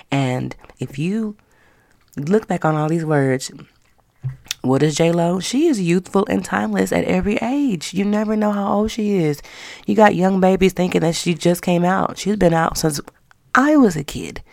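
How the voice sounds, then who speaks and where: A woman hosting her own podcast, talking casually and earnestly to encourage her listeners, with drawn-out emphasis. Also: lowish voice, creaky, a little mellow, dry recording. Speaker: podcast host. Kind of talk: casual motivational talk.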